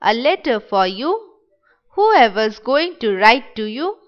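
A woman's voice: on the high side, very animated, slow, dull audio. A woman reading the part of a pompous, spiteful middle-aged village headman in a play reading, with a sneering, mocking manner.

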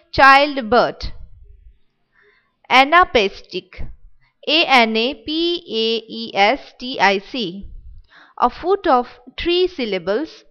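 A woman reading a lesson aloud at an even pace, stopping to spell words out letter by letter. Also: fairly high pitch, clear, resonant tone, dull audio. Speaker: teacher. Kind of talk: slow read-aloud lesson.

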